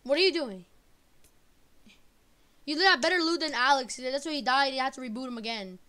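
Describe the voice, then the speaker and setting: A woman streaming a game with teammates, yelling and trash-talking loudly with lots of swearing. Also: high voice, fairly quick, clear, resonant tone. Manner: loud, profane trash-talking. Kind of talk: live game-stream chatter. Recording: noisy stream audio.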